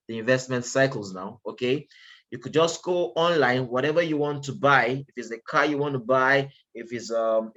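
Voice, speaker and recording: A man's voice: medium pitch, a bit bright. Man presenting a casual trading webinar. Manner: conversational, repeats "okay" often, emphatic rhetorical questions.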